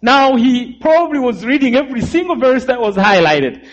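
A man giving a sermon testimony, telling his story dramatically and calling for amens, his voice dropping low and rising again. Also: lively intonation, moderate pace. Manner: dramatic storyteller, calls for amens, swings between loud and hushed. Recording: muffled lo-fi recording.

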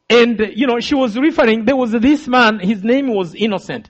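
A man's voice: very high-pitched, moderate pace, hardly any pauses. A man with a Rwandan accent giving an earnest personal testimony, telling his story vividly and speaking directly to his listeners. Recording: slightly dull lo-fi recording.

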